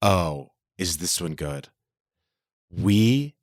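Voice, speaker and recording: A man's voice: on the low side, big pitch swings, fairly quick, dry recording, studio quality. A man co-hosting a podcast in casual chat, telling stories with campy, dramatic flair. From Texas. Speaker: podcast co-host.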